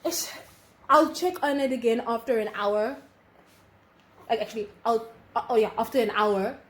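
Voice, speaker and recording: A woman's voice: a little high, normal speed. A young woman chatting casually through her baking steps in a vlog, explaining as she goes with fillers and small laughs. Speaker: vlogger.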